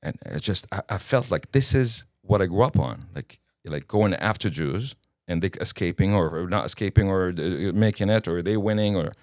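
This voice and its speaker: With a deep voice and moderate pace, a man from Kuwait tells a personal story as a podcast guest, Arabic being his first language. He's a lively, easygoing storyteller who voices the dialogue. No echo, studio quality.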